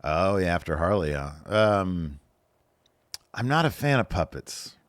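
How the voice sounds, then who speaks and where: A man's voice: deep voice, big pitch swings, measured pace, dry recording. A man in his thirties hosting a podcast, reading viewer questions aloud and answering them in a loose, joking way. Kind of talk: casual solo Q&A chat.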